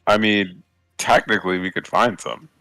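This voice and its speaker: A man's voice: on the low side, steady tone, normal speed, sharp tone, no room sound, soft background music, low-quality recording. A man playing a tabletop game, teasing and laughing in casual banter. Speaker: player.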